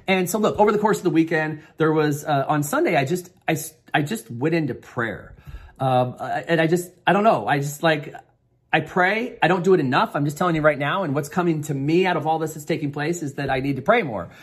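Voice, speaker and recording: A man's voice: fairly high pitch, fairly quick, husky. A middle-aged man sharing a personal story and giving an earnest motivational pep talk, rambling with restarts. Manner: earnest, rambling with restarts, rises to upbeat coaching. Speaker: motivational speaker.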